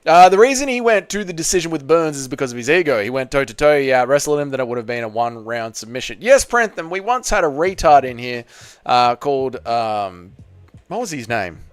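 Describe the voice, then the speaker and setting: Aussie guy on a live stream reading chat, crude jokey banter, smooth clear voice, dry close sound. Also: medium pitch, sing-song, a little fast, no echo, soft background music. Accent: Australian. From Australia. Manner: reads viewer chat aloud, crude banter. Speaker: channel host.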